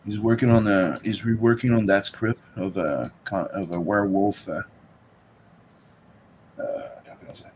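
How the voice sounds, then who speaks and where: A man's voice: on the low side, fairly even intonation, normal speed, darkish tone, slight background noise. French-Canadian man chatting on a livestream. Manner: greets chatters, fumbling restarts. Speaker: co-host. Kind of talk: casual livestream chat.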